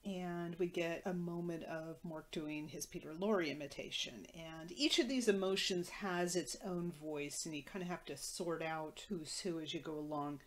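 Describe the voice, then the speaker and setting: A woman's voice: on the low side, normal speed, hardly any pauses. A woman podcast host recapping a TV episode in a matter-of-fact way with wry asides.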